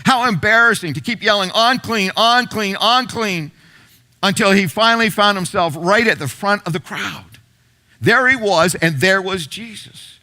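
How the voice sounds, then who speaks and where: Bright-voiced pastor preaching a sermon. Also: male voice, sits high, normal speed. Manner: storytelling, repeats phrases for emphasis, drops to hushed tones.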